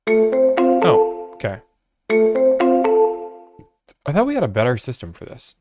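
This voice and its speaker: A man's voice: mid-range voice, huge pitch swings, moderate pace, loud music behind the voice. A young man hosting a casual livestream, reading viewer chat aloud and answering in a laid-back, chatty way.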